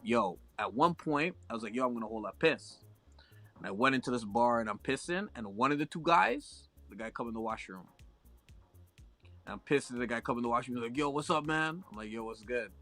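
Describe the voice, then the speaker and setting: A man's voice: mid-range voice, fast talker, bright, forceful tone, soft background music. A young Canadian man telling a long story in a casual chat, profane and full of slang.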